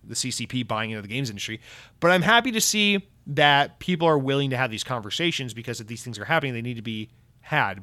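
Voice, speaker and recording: A man's voice: mid-range voice, fairly bright tone, clear, resonant tone. A young man from the United States hosting a podcast, ranting in a heated, sarcastic and profane way. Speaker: podcast host. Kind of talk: opinionated podcast rant.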